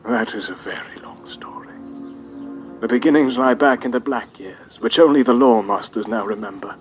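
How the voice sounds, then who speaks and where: Gandalf, a man doing a deep old wizard. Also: narrow, tinny audio, close to an everyday voice. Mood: solemn. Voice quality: deep, solemn. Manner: slow, measured, dropping to a hush. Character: old male wizard, grave and wise. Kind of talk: audiobook character reading. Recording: loud music bed behind voice.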